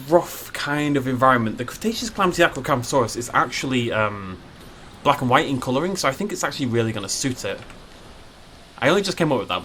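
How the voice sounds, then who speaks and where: A man talking through a game build in a relaxed, chatty way, full of jokey asides and self-mockery. His voice sits at an ordinary pitch for a man, with a faint ambient hum in the background. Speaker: gaming YouTuber. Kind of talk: casual gameplay commentary.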